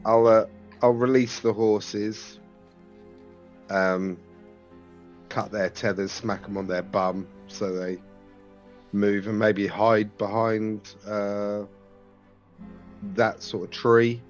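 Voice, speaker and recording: A man playing in a tabletop game, thinking aloud slowly and hesitantly. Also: fairly low pitch, flat delivery, dull audio, soft background music. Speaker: player. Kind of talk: casual tabletop game talk.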